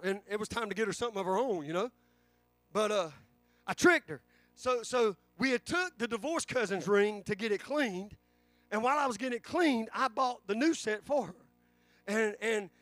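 High-voiced fervent preacher. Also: male voice, fairly bright tone, no echo. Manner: fervent preaching with repeated restarts and stammers. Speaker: pastor. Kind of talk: sermon. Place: church sanctuary.

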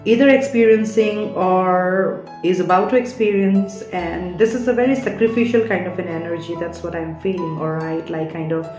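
A woman's voice: fairly low pitch, fairly even intonation, normal speed, hardly any pauses, a little mellow. Earnest tarot reader woman, roomy lo-fi. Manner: earnest, keeps checking in with "all right?". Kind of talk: spiritual tarot reading monologue. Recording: roomy, dull lo-fi sound with faint music.

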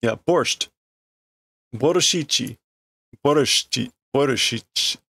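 Slow, halting man reading aloud. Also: mid-range voice, vocal fry, pushed and bright, husky, no room sound, clean studio sound. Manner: halting, translating line by line, thinking aloud. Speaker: language learner reading a comic aloud. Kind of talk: casual read-through stream.

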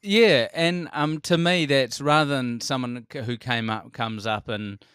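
A man in his forties with a New Zealand accent, a comedian telling stories as a podcast guest, animated, laughing often and swearing freely. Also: medium pitch, unhurried, clean tone, no room sound, clean studio sound. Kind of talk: casual conversation.

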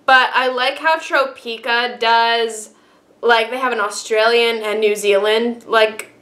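A woman's voice: a little high, steady tone, slow pace, fairly bright tone. A young woman from the United States, chatting bubbly and casually with lots of fillers as she reviews a product for her vlog. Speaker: YouTube vlogger. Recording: echoey room.

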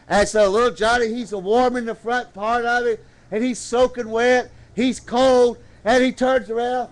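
At a church service, a man with a very high voice and fairly even intonation preaches a storytelling sermon. He calls out to the congregation and swoops into slow, dramatic phrases.

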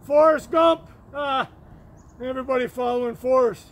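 A man rambling in an excitable way, with sudden shouts and whoops, while walking up a hill outdoors and recording on a phone. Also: very high voice, measured pace. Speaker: vlogger.

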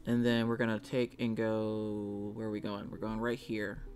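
A woman's voice: very deep voice, monotone, moderate pace, a little mellow, faint music behind. A woman streaming live, thinking aloud as she draws and greeting her chat in a casual, chatty way.

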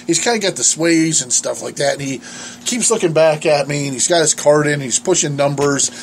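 A man's voice: a little high, fairly quick, a little hiss or hum. A man co-hosting a casual podcast, telling profane stories with lots of laughter. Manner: animated, profane storytelling with frequent laughs. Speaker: podcast co-host.

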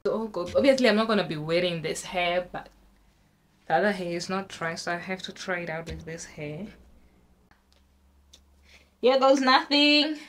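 A young woman from Namibia chatting casually in a vlog, excitable and talkative, with sudden high squeals. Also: fairly quick, slight background noise. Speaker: vlogger.

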